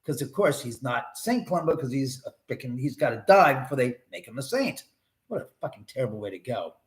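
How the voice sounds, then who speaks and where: A man's voice: medium pitch, sing-song, brisk. A man hosting a live stream from his home, telling a rambling, profane story in a casual way. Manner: rambling, profane, restarts often. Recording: roomy echo.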